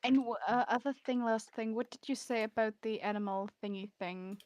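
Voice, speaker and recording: A woman's voice: fairly high pitch, fairly even intonation, brisk, a little mellow. A woman playing in an online tabletop session, asking polite, playful questions. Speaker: player. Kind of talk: casual online game chat.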